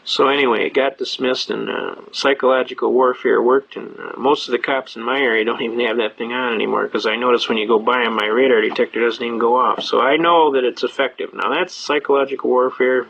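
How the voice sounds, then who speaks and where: A man's voice: mid-range voice, steady tone, a little fast, gravelly, hardly any pauses, fairly bright tone, slight background noise. An older man giving a chatty, rambling lecture full of anecdotes and filler words. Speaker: speaker on citizens' rights. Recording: dull lo-fi recording.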